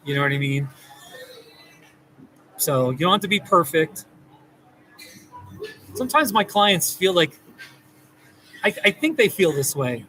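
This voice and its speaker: A man who works as a therapist, talking casually and gently to the camera, rambling and reassuring. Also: a little high, very animated, a little slow, long pauses, slight background noise, rough recording. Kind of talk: casual direct-to-camera talk.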